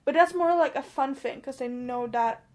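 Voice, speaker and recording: High-pitched with a darkish tone and normal speed, a young woman from Norway vlogs in English, her second language, using a Norwegian-flavored mix of American and British accents. It's late at night and she's tipsy, rambling self-mockingly, losing her thread and beginning again.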